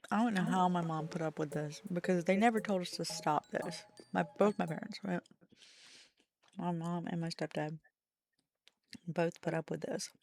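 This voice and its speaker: A woman's voice: on the low side, steady tone, normal speed, pauses often, a little mellow, slight background noise. A woman streamer chatting casually while gaming, telling rambling stories, swearing freely and laughing often.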